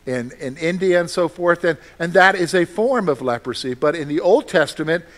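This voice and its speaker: A man's voice: a little high, animated, normal speed, fairly bright tone. A man preaching a sermon as pastor, talking conversationally, repeating phrases and putting questions to the congregation.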